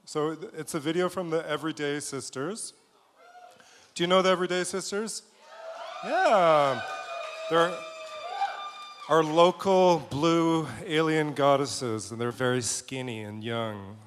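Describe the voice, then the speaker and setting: A man emceeing a live roast in a slightly higher voice, teasing the acts and chuckling between lines. His words trail off into a long hall reverb over a faint hiss. The talk is loose emcee banter at a live event. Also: a little slow, pauses often. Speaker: roast host.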